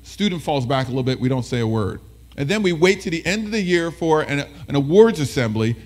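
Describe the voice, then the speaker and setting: A man giving a motivational keynote to educators in a fairly high voice that swings widely in pitch. He talks straight to his audience, asks them questions and breaks into acted-out voices along the way. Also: very animated, fairly quick, a little mellow, slight background noise. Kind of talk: motivational presentation.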